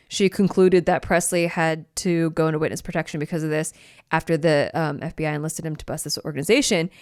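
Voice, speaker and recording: Chatty lower-pitched woman. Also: clear, resonant tone, no echo, studio quality. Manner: animated storyteller, chatty with fillers. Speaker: podcast host. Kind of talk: casual conspiracy chat. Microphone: studio microphone.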